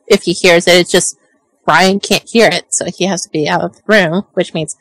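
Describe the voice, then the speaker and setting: Woman, tabletop player, lowish voice, dry sound, rambling. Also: steady tone, moderate pace, no echo, poor audio. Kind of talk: casual tabletop role-play.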